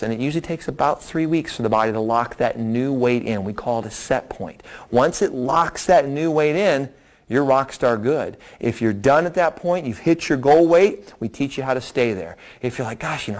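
A middle-aged man, a doctor, explains a program to a seminar audience and answers their questions in a lively, folksy way, acting out quotes. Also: mid-range voice. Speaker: doctor presenting a weight loss program.

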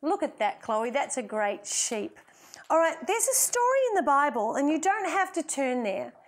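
A woman's voice: sits high, big pitch swings, moderate pace. A woman leading a playful, encouraging Bible lesson for children in a kitchen. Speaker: children's minister.

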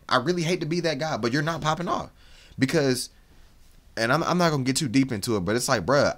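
A man with a lowish voice that swings up and down a lot, hosting a casual reaction commentary. He rambles frankly in heavy slang, circling back with restarts and filler tags as he gives his opinions. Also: fairly bright tone. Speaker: reaction video host.

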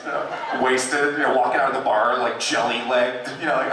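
A man doing a stand-up comedy set in a club, rambling with lots of fillers and shrill put-on voices for the people he quotes. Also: steady tone, brisk, hardly any pauses, sharp tone, far from the mic, a little hiss or hum. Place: comedy club stage with audience. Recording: very echoey club audio from afar. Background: audience laughter and room ambience.

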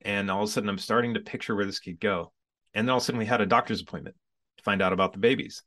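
A man in his forties, a guest on an interview podcast, telling his business story in a casual, animated way and acting out his own past reactions. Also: fairly low pitch, very fast.

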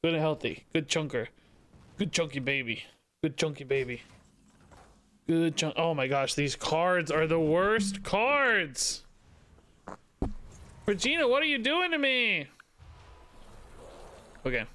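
A male game streamer talks in a relaxed, drawn-out way, cooing baby talk between remarks on the game. His voice is smooth and clear, and it leaps around in pitch with a bouncy, sing-song lilt. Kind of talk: casual live-stream chat.

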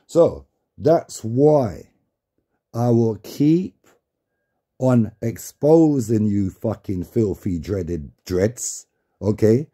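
A man's voice: mid-range voice, dark tone, breathy edge. A man delivering an angry, repetitive, profane rant as a vlogger. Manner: heated, repetitive, profane, preaching.

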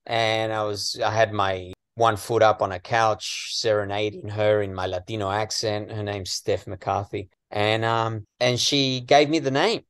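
An Australian man from western Sydney, a comedian guest in a casual interview, chatty and full of "you know"s and lively asides. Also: lowish voice, a little slow, hardly any pauses, clear, resonant tone, no echo, studio quality.

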